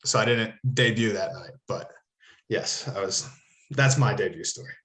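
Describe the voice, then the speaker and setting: This former ballplayer from around Philadelphia speaks at a normal pace in a lowish, fairly bright voice. As a podcast co-host, he tells a long story casually, wandering off track, cursing, and correcting himself along the way.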